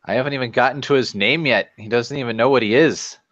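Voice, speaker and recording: A man's voice: mid-range voice, fast, a bit bright, no echo, muffled recording. A man playing a tabletop game, describing his character in a rambling, filler-heavy way. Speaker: player. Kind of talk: casual tabletop play.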